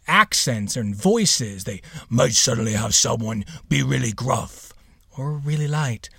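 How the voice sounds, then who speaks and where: A man's voice: mid-range voice, no room sound, clean studio sound. A man hosting a podcast, introducing the episode in a casual, playful way with sarcastic asides. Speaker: podcast host.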